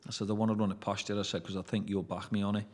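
Racing along in a flat delivery, a former prisoner with a Scouse accent from Merseyside, England, spins casual stories as an interview guest. His voice sits on the low side, and he swears freely while acting out quoted dialogue.

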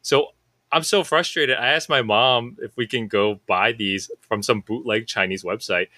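This man in his thirties tells a story in a casual chat, with a bright and forceful voice. He livens it up by acting out the friends he quotes. The sound is close and dry, with no room around it. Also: mid-range voice, normal speed, dry recording. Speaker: podcast co-host.

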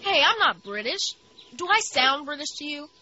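A woman voicing a spirited, wisecracking young boy in a radio drama, quick to protest. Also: high voice, very animated, bright, forceful tone, slight background noise, exaggerated voice. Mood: flustered. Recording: dull lo-fi audio with music.

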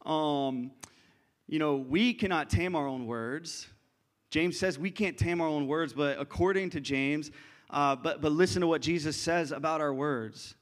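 A man's voice: on the high side, a little slow. A young man preaching a sermon as pastor, earnest and conversational, often restarting his sentences.

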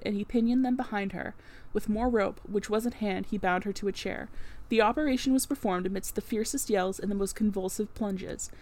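A woman narrating a classic novel as an audiobook, in a measured, clear reading that lightly voices the dialogue. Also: mid-range voice, darkish tone.

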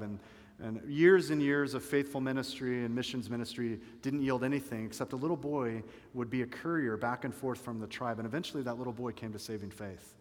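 A man's voice: medium pitch, big-room sound. A male pastor preaching a sermon, telling a story dramatically and swelling and dropping his volume for emphasis.

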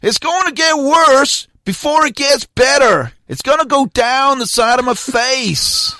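A high, exclaiming American woman fan, as a man puts her on. The voice jumps around a lot, loud and excited, with a dry, close sound. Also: unhurried, dry recording, heavily acted. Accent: put-on American.

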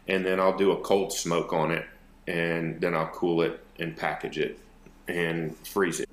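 Reverberant audio carries the low voice of a North Texan who co-hosts a podcast remotely. The talk is easygoing chatter, wandering and hesitant, padded with fillers.

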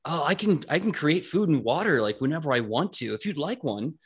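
A man's voice: fairly high pitch, expressive, a little fast, husky. Guy doing a laid-back surfer religion teacher, all righteous and blessed. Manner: easygoing, keeps saying righteous and blessed.

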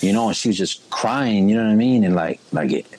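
Give me a young man with a husky, low voice telling his story in relaxed street slang. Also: brisk, low-quality recording. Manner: laid-back street slang, keeps saying "bro" and "you know what I mean". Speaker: guest sharing his life story. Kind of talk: casual spoken testimony.

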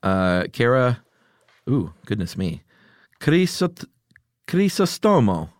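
A man's voice: mid-range voice, very animated, slow, no echo, clean studio sound. A middle-aged man hosting a podcast in casual chat, reading listener picks aloud and laughing often. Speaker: podcast host.

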